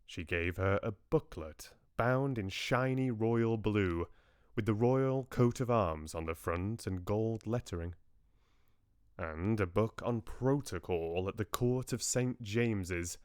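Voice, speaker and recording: A man reading a novel aloud on a livestream in a measured, expressive way. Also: fairly low pitch, clear, resonant tone, no echo, clean studio sound. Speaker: book club host reading aloud. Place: home livestream.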